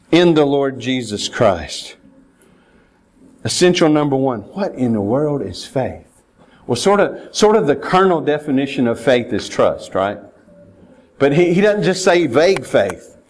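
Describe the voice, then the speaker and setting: Man preaching, earnest and a touch higher in pitch, repeats his words. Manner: earnest, repeats words while reading scripture aloud. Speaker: pastor. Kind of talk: sermon.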